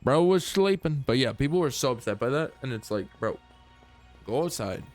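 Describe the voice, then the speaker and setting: A laid-back man chatting to his stream chat while he plays, loose and profane. His voice sits at an ordinary middle pitch. Faint music plays underneath. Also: lively intonation, a little fast, dry recording. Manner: laid-back, swears, laughs, talks to chat. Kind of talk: casual gameplay commentary.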